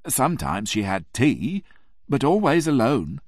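A man voicing a polite middle-aged woman landlady in a storybook reading, lifting his voice high and speaking deferentially. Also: very animated, unhurried, no echo, studio quality.

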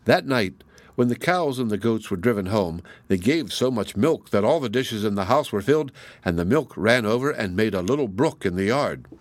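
Man reading a folk story, animated tone, dry close sound. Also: on the low side, normal speed, dry recording. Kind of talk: storybook narration.

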